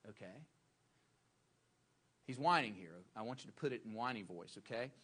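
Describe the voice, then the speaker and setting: A man's voice: medium pitch, lively intonation, normal speed, a bit bright, husky. A male pastor preaching a sermon, emphatic and repeating phrases for stress.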